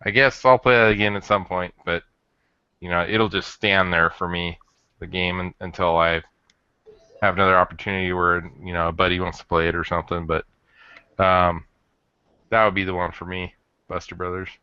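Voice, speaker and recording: A man with a bright, lower-pitched voice talks in a rambling, halting way, stumbling over restarts. The sound is dull and lo-fi, with a dry, close feel and no room behind him. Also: little pitch movement, clean tone, no echo. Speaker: podcast co-host. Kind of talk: casual chat.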